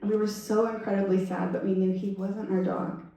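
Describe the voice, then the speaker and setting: A woman giving a storytelling talk at a Sunday service, animated and laughing as she acts out what people said. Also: mid-range voice, brisk, vocal fry. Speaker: guest speaker. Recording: echoey hall, voice from far off.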